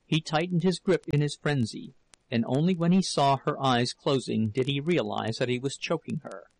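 A man narrating a novel as an audiobook in a measured, dramatic storytelling manner. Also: medium pitch, vocal fry, no room sound, poor audio.

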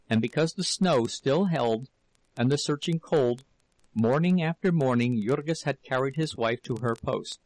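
Male audiobook narrator, steady measured reading, mid-range voice, dry close sound. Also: mid-range voice, no room sound, low-quality recording. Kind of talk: scripted narration.

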